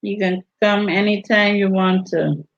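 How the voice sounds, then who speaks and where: Woman host, Virgin Islands accent, unhurried chatty teasing delivery, lo-fi audio. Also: medium pitch, fairly even intonation, vocal fry. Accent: Virgin Islands Caribbean. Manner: chatty, teasing, laughs often. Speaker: vlogger hosting a live stream. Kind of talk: casual chat reading viewer comments. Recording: dull lo-fi audio.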